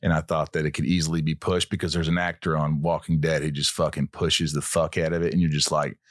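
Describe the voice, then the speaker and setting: A man from Southern Indiana hosting a podcast, talking in a relaxed, rambling way with casual swearing. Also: extremely low pitch, fast talker, no echo. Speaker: podcast host.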